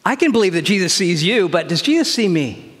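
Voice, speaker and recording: A man preaching a sermon as a pastor, telling a personal story in a conversational, animated way with quoted dialogue. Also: high-pitched, brisk. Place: church sanctuary. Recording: long hall reverb.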